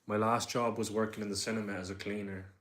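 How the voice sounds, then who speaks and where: Young dublin lad rambling on his live stream, lowish voice, chatting away to viewers. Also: level tone, quick pace, fairly bright tone. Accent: Dublin Irish. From Ireland. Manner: rambling, talkative, reads viewer comments aloud. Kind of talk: casual live-stream chat.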